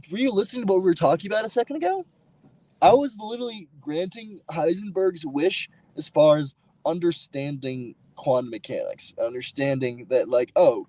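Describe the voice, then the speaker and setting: A man's voice: fairly high pitch, dark tone, poor audio. A man hosting a livestream, rambling and arguing with his chat in a loose, profane way, full of fillers and restarts. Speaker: livestream host. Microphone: streaming mic.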